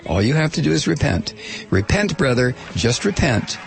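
A man's voice: on the high side, sing-song, fairly quick, gravelly, music in the background. A man hosting a talk radio show, delivering a sarcastic, combative opinion monologue.

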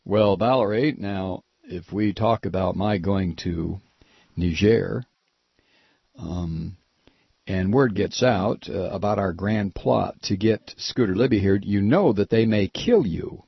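A man voicing a hushed, scheming middle-aged husband in a comedic parody. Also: lowish voice, slow pace, creaky, husky, no echo, voice pushed down, full character voice. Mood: conspiratorial. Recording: dull lo-fi sound.

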